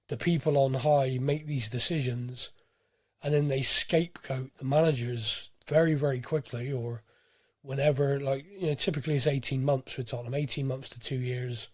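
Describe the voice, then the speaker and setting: A man co-hosting a casual football fan podcast, talking in an animated, rambling way with frequent restarts. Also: mid-range voice, dry recording, clean studio sound. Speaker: podcast co-host.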